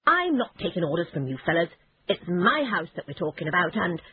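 A woman voicing a boastful, excitable male toad in a storybook reading, talking high, quick and self-pitying. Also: breathy edge, dry recording, exaggerated voice. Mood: excited. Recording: tinny phone-like lo-fi sound.

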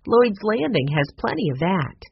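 A narrator voicing a cheerful young woman, a balloonist, in a storybook reading, in a bright, bouncy manner. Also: medium pitch, big pitch swings, moderate pace, gravelly, muffled recording, slight background noise, voice pushed up. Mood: upbeat.

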